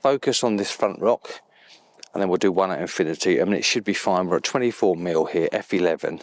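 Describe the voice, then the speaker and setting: A man's voice: deep voice, brisk, dry recording. A man filming an outdoor photography vlog beside a loch, talking enthusiastically and at times dropping to a whisper. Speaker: landscape photographer.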